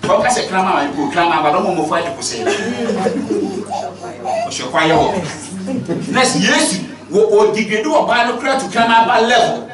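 A man with a Ghanaian accent preaching a sermon in an animated way, mixing two languages and calling for amens from the congregation. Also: high-pitched, normal speed, pauses often, a crowd in the background. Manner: animated, switching between Twi and English, calling for amens. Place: church hall with congregation. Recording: echoey church hall from far off.

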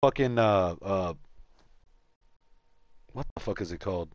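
A man's voice: sits low, a little slow, dry recording. A man from San Antonio, streaming a game and telling rambling, profane stories in casual chat. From San Antonio, Texas. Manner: rambling storyteller, swears a lot.

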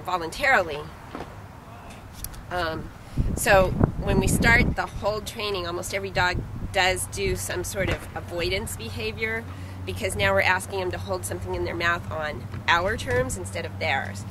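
Woman dog trainer explaining outdoors. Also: mid-range voice. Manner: explains calmly with frequent ums, coos softly to the dog. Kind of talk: instructional demonstration. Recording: outdoor recording with clear background noise.

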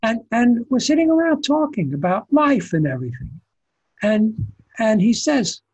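An older man, a photographer telling stories as an interview guest with animated restarts. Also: extremely high pitch, unhurried, breathy edge, low-quality recording. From the Bronx, New York. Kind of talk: conversational storytelling interview.

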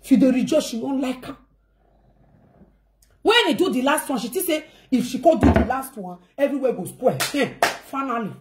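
Nigerian pidgin lady vlogging about family drama, high voice all over the place, shouts then goes quiet. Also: sing-song, brisk. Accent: Nigerian Pidgin English. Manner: dramatic, acts out quoted voices, swings between shouting and murmuring. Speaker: vlogger telling a family story. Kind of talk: animated storytelling.

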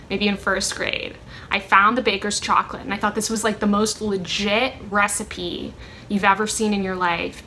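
Young woman vlogger, bright tone, rambling chatty delivery, faint background hiss. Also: medium pitch. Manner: rambling, chatty, many ums and self-corrections. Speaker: vlogger answering a question tag. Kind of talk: casual chat.

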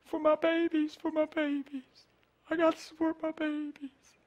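A man's voice: very high voice, completely flat delivery, measured pace, highs cut off, voice pushed up. A man voicing a distraught young woman in a sermon story, pleading and sobbing.

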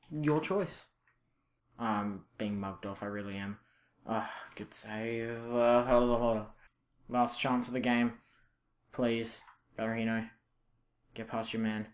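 A young man commentating his own football video game, reacting loudly and with frustration to misses and saves. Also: medium pitch. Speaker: gaming channel host. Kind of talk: live gameplay commentary.

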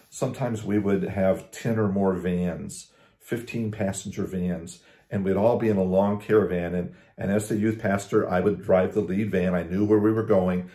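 A man with a lowish, mellow voice gives a casual devotional talk as a pastor. He talks conversationally, restarts his phrases and slows down to lean on scripture. The recording has a roomy echo. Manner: conversational, with frequent restarts and slow emphasis on scripture.

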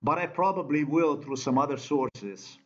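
A man's voice: on the high side, moderate pace. Ranting Slovenian-accented man, lo-fi. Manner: ranting, profane, repetitive non-native phrasing. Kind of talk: angry monologue. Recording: dull lo-fi sound.

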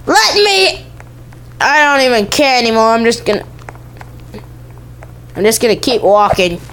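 A woman giving let's-play commentary on a game, excitable, with frequent exclamations and repeated phrases. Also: fairly high pitch, moderate pace, a little hiss or hum. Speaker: gaming YouTuber.

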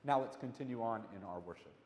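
A man reads church announcements in a friendly, inviting way. His voice sits at a middle pitch and rings out in a large sanctuary with a long, roomy reverb. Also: animated, fast talker, darkish tone. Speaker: church leader giving announcements. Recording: echoey hall with long reverb.

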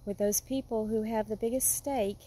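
A woman vlogging at home, talking in an earnest, heartfelt way that sometimes drifts soft and quiet. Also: on the high side, fairly even intonation, moderate pace. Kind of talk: casual vlog monologue. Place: home with a yard.

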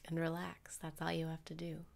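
A woman leading a guided meditation parody in a soft, calm voice that drifts into whispers. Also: low-pitched, moderate pace, gravelly.

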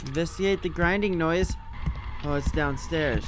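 A man commenting while he plays a horror game, swearing a lot and yelling when scared. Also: high-pitched, animated, normal speed, noisy background. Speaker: YouTube gamer. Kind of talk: let's play commentary.

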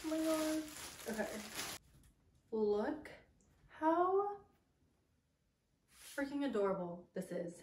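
A young woman who is an actor, gushing in a casual vlog from her messy bedroom. She talks excitedly and leans on "like" a lot. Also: high-pitched, takes it slowly, pauses often. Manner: gushing, excitable, heavy use of "like". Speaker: actor and vlogger. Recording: echoey room, mic at a distance, background noise.

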